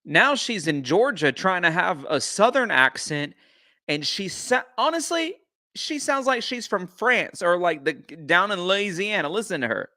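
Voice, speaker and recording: A man's voice: high voice, sing-song, a little slow, pushed and bright. A man hosting a live-stream reaction commentary, incredulous and mocking.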